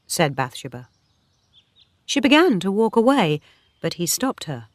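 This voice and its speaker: A woman narrating a graded reader story in a clear, careful way. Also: medium pitch, big pitch swings, a little slow, long pauses, no echo, clean studio sound.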